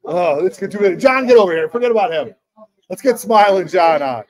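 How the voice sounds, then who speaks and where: A man hosting a live comic show, excitedly greeting guests and repeating himself. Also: high voice, a little fast. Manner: loud, repeats himself, exclaims often. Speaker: show host. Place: comic convention floor.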